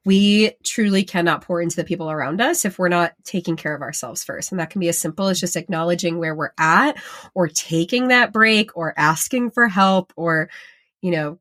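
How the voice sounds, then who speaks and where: A woman's voice: fairly low pitch, fairly bright tone. Reflective woman podcast host. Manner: reflective, affirming, frequent "like". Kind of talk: casual interview chat.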